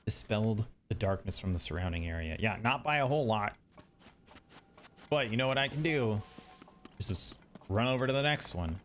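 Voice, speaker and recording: A man with a lowish, fairly bright voice streams a video game, chatting casually and thinking aloud as he plays. He sounds animated, talks at normal speed with frequent pauses, and there's slight background noise.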